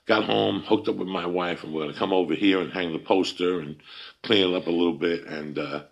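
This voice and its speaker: A man hosting a podcast, telling a story in a casual, profane, animated way. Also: low voice, fairly quick, vocal fry. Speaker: podcast host.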